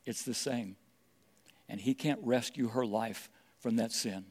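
Emphatic preacher. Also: male voice, medium pitch, unhurried, darkish tone. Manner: emphatic preaching with repeated phrases. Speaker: pastor. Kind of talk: sermon.

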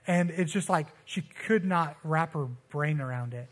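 High, lively young male preacher. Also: moderate pace, hardly any pauses, slightly rough. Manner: animated storytelling, slangy, acts out quoted voices. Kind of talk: casual sermon.

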